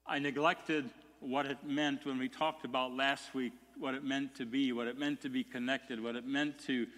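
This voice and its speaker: A man's voice: mid-range voice, little pitch movement, moderate pace, fairly bright tone. A male pastor preaching an earnest sermon, with stammered restarts that swell into emphatic peaks. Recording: long hall reverb.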